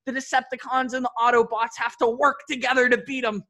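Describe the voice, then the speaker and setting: A man's voice: very high-pitched, level tone, bright, forceful tone. A young man hosting a casual podcast over a video call, rambling, swearing often and bantering with his friends. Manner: profane, rambling, quick to banter. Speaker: podcast host.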